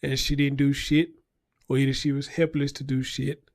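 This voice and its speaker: A man's voice: mid-range voice, level tone, normal speed, a little mellow, dry recording. A man hosting a casual news commentary show, talking bluntly and profanely and repeating his points for emphasis. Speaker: show host.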